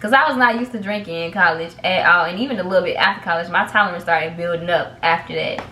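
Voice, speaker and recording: A young woman in her twenties telling a casual storytime vlog, chatty and animated, acting out what people said and talking straight to her viewers. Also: on the low side, fast talker, roomy sound. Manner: animated, acts out quotes, addresses viewers as "y'all". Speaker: vlogger.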